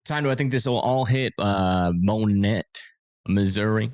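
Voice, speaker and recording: A man's voice: fairly low pitch, a little slow, darkish tone, no echo. A man hosting a casual livestream, chatting with viewers and talking through storm forecasts in a rambling, filler-heavy way.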